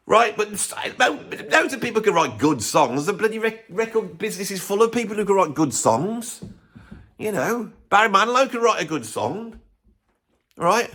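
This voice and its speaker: A man's voice: sits high, fairly bright tone. A man hosting a music channel, ranting his blunt opinions in casual talk to camera with chuckling asides.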